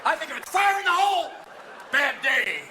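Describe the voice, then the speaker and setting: A manic male stand-up comedian, high and wildly swinging in pitch, shouting and switching voices nonstop. He is recorded live in a big theater, with a loud crowd laughing and some background noise. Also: big pitch swings, normal speed. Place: large theater with live audience. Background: audience laughter and applause.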